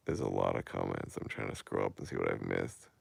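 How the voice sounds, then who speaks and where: A man's voice: rumbling low, fairly quick, gravelly, slightly rough, dry recording. A man in his late thirties chatting casually on a live stream, rambling and growing emphatic and incredulous. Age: 30s.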